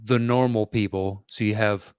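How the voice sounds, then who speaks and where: A man in his forties co-hosting a podcast in casual chat, hesitant and thinking aloud with pauses and fillers. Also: fairly low pitch, fairly even intonation, a little mellow, clear, resonant tone, no echo, studio quality. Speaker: podcast co-host.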